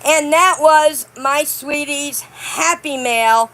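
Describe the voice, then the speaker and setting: A woman hosting a casual vlog, chatting with her viewers and reading cards aloud in a warm, drawn-out way. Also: sits high, poor audio. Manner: warm, reads cards aloud slowly, chatty asides to "guys". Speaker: channel host.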